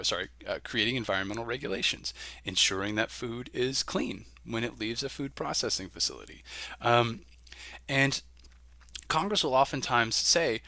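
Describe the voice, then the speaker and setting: Guy teaching a class, gravelly bright voice, lots of um and right?, dry close sound. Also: medium pitch, dry recording. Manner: conversational, many "um"s and "right?" checks. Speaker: college instructor. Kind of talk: recorded lecture.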